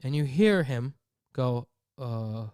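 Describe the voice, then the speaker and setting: A man hosting a podcast, telling comic stories in an animated rant and acting out other people. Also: mid-range voice, normal speed, clean tone, no room sound, studio quality. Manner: animated storytelling, acts out voices. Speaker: podcast host. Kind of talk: comedic rant.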